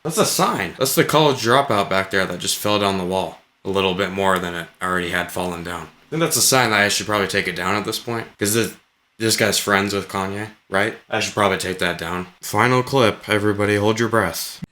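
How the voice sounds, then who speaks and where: A man's voice: lowish voice, a little fast, sharp tone. A man giving sarcastic, rambling reaction commentary on video clips and swearing freely.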